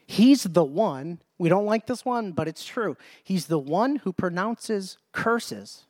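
A man's voice: sits high, expressive, slow pace, a little mellow, dry recording, clean studio sound. A man preaching a Bible study sermon in an emphatic way, often repeating phrases and restarting mid-sentence.

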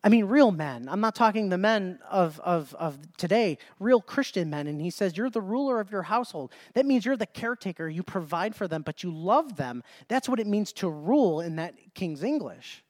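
A man's voice: sits high, expressive, moderate pace, few pauses, a little mellow, no echo. Man preaching a bible study, emphatic, keeps repeating himself, dry close sound. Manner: emphatic, repeats phrases, stops and restarts.

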